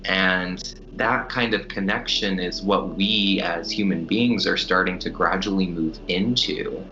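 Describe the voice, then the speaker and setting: A man's voice: low voice, unhurried, highs cut off, over music. A man talking earnestly and reflectively in a casual spiritual conversation.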